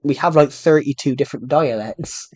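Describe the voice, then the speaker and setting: A young man from the UK with a thick, strongly rhotic regional British accent, chatting casually on a gaming live stream and talking slowly on purpose, with many restarts. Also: medium pitch, darkish tone. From United Kingdom. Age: young adult. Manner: deliberately slow, many restarts. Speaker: game streamer.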